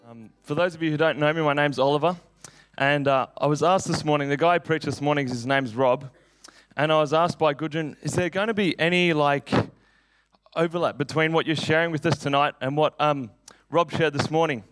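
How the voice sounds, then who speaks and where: Hoarse man preaching in church. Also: fairly high pitch, a bit bright. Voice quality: slightly husky. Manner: casual, chatty opening then slow earnest prayer. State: hoarse, frog in throat. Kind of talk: sermon and prayer. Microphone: handheld mic.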